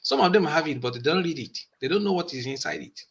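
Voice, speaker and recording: A man speaking as a guest on a talk show, halting often with uh pauses. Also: a little high, animated, creaky. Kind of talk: call-in discussion.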